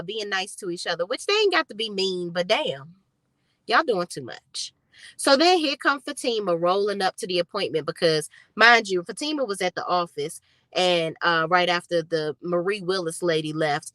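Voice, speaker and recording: A woman's voice: medium pitch, a bit bright, dry recording. Blunt, sassy woman recapping a show. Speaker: TV recap vlogger. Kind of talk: casual recap commentary.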